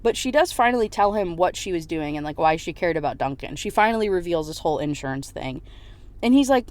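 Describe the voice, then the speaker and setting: A young woman giving a casual rant review, recapping a plot with quick voiced quotes and frequent swearing. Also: lowish voice, sing-song, a little mellow, no echo. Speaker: book reviewer.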